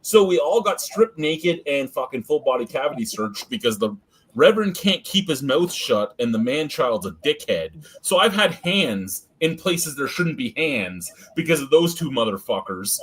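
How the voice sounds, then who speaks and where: Husky man telling a profane story. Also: a little high, moderate pace. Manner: swears freely, animated anecdote telling. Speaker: beer review host.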